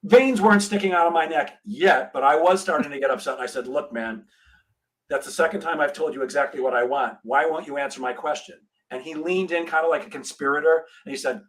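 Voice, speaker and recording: A middle-aged man tells a story with energy and acts out each voice. His pitch sits a little high for a man. He is a sales trainer talking as a guest on a podcast. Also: fairly quick, low-quality recording. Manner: animated storyteller, acts out dialogue.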